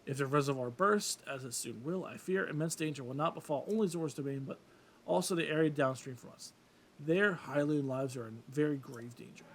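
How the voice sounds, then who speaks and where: A man's voice: fairly high pitch, fairly quick, a little hiss or hum, lightly acted. A man reading game dialogue as a grand old male fish-folk king with formal, courtly phrasing. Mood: regal. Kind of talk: let's play voice reading.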